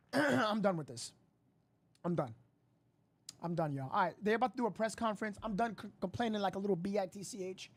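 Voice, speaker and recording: A woman hosting a casual livestream, frustrated and rambling loudly while thanking viewers. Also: mid-range voice, a little fast, long pauses. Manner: frustrated, loud, swearing, rambling. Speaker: livestream host reacting to a live stream.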